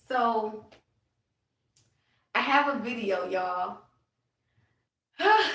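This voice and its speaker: A woman's voice: mid-range voice, distant mic. Woman chatting live in a roomy space. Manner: animated, talks to her late grandfather and viewers. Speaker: livestreamer. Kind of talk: casual live chat. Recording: roomy, off-mic phone audio.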